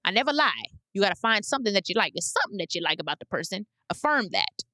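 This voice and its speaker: Blunt, animated woman podcast host. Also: medium pitch, fast, no room sound. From United States. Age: 30s. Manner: animated, blunt and emphatic, with repeated phrases. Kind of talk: casual advice monologue.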